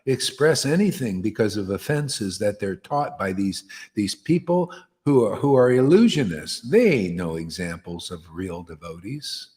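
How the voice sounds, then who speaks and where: A man's voice: fairly low pitch, big pitch swings, a little slow, darkish tone. A man giving an impassioned devotional sermon as a spiritual teacher, blunt and fiery, dropping slang like "man". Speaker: spiritual teacher leading satsang. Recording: long hall reverb.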